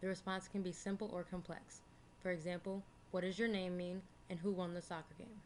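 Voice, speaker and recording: A woman's voice: fairly low pitch, a little hiss or hum. A young woman reading a school presentation from notes, plain and careful. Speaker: student presenter.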